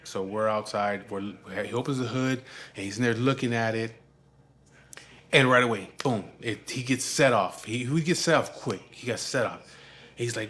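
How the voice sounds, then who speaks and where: A man's voice: medium pitch, moderate pace, fairly bright tone. A man telling a story in a casual, profane, laid-back way.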